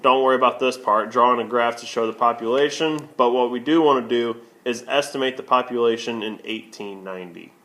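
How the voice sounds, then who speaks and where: A man's voice: mid-range voice, fairly quick, few pauses, fairly bright tone. A male math teacher talking through a screencast lesson, asking questions and answering them himself, with many okays. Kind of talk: screencast lesson explaining on a tablet.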